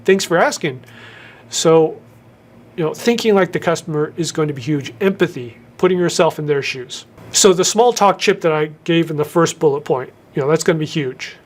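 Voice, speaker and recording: Guy talking to camera giving career tips, kinda high voice, rushes then slows way down to stress words. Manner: shifts tempo, talks fast then slows with pauses and emphasis. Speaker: YouTube host giving career advice. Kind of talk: casual to-camera advice talk.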